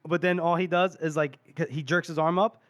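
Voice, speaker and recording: A man's voice: a little high, fairly even intonation, a little fast, a bit bright, no echo. A podcast co-host retelling book scenes in casual chat. He laughs often and swears.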